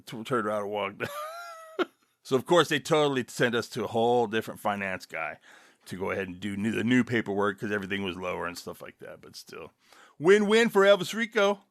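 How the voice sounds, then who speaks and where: A man hosting his own podcast, rambling loosely and casually with chuckling asides, relaxed after an edible. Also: mid-range voice, quick pace, no room sound, studio quality. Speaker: podcast host.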